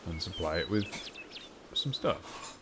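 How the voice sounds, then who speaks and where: A man's voice: low voice, animated, slow, background noise. A man streaming a strategy game, chatting casually and musing aloud in a rambling, self-mocking way.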